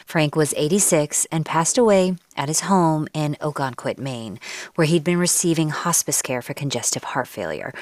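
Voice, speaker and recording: A woman anchoring a radio news show and interviewing a reporter in a calm manner. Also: sits low, no room sound. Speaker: news host.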